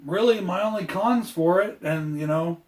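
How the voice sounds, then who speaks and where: A man's voice: high-pitched, moderate pace. A man hosting a casual movie review podcast, talking in an upbeat, rambling way. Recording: roomy, distant mic.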